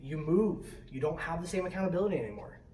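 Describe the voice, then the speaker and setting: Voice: medium pitch, animated, fast, mellow. A student ministry leader giving a conversational youth sermon in a church sanctuary, asking many questions and often adding "right?". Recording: roomy sound from a distant mic, faint noise.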